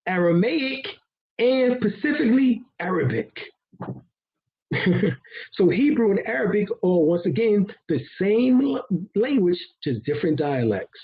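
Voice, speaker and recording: A man's voice: high-pitched, big pitch swings, a little slow, slightly rough. A man co-hosting a casual discussion, loose and conversational, laughing and swearing as he explains. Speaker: co-host. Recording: dull lo-fi sound.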